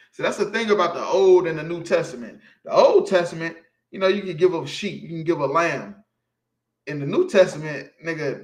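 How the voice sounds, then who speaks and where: Emphatic preaching man, echoey room. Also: fairly high pitch. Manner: emphatic, preachy, keeps asking "you feel me". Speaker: street preacher teaching scripture. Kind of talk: informal sermon.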